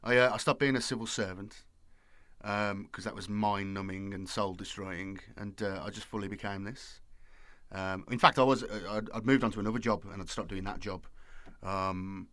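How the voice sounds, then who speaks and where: A man's voice: lowish voice, steady tone, moderate pace, a bit bright. A man hosting his channel, chatting casually and rambling with lots of fillers. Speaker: YouTube host. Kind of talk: casual late-night chat.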